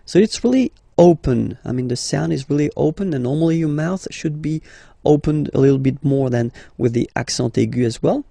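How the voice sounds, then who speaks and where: A man's voice: medium pitch, vocal fry, dark tone, no room sound, clean studio sound. A man teaching a language lesson, patient and repetitive, checking in with "okay?" after each point. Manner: patient, repeats words slowly and checks with "okay?". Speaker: French teacher.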